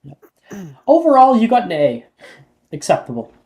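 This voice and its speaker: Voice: mid-range voice, wildly swooping pitch, moderate pace, darkish tone. A game master running a tabletop game in a casual way, leaning on "like" as a filler.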